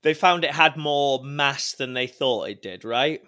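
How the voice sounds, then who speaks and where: A man's voice: mid-range voice, pushed and bright. Wry, teasing man. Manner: wry, teasing, quick quips. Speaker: podcast co-host. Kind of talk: casual banter.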